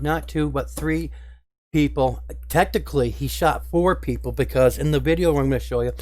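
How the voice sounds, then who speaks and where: Guy ranting to his viewers, kinda high voice, upset and emphatic, dry close sound. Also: a little mellow, no echo. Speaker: video commentator. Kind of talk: casual spoken commentary.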